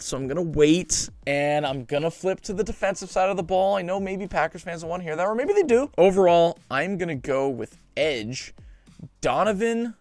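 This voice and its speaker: A young man hosting a sports show, giving chatty, animated mock draft commentary with joking asides. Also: high voice, no echo.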